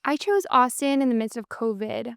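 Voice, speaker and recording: A woman with a Minnesota accent talks as an upbeat podcast guest, her fairly high voice smooth and resonant. She tells her story fluently, leaning on "um" and "and so" as she goes, in a dry, close-miked sound. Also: expressive, normal speed, a bit bright, no room sound. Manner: upbeat, fluent storytelling with frequent 'um' and 'and so'. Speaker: podcast guest, business co-founder. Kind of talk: casual interview conversation.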